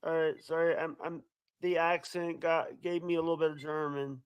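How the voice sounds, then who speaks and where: High-voiced man on a cheap headset. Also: flat delivery, normal speed, smooth, no room sound, muffled recording. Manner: friendly, apologetic. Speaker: caller on a livestream. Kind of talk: casual chat.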